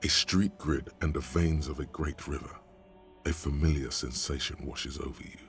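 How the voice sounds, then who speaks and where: A man voicing a dry, calm inner-voice narrator in a game, speaking in a measured, gravelly way. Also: soft background music. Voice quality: deep and gravelly.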